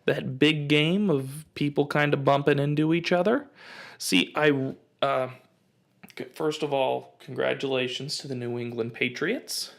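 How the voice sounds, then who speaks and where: A man in his twenties with a gravelly, fry-edged voice at a middling pitch. He hosts a casual comedic rant and rambles through his anecdotes with lots of fillers. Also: fairly even intonation, a little slow. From United States. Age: 20s. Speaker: host.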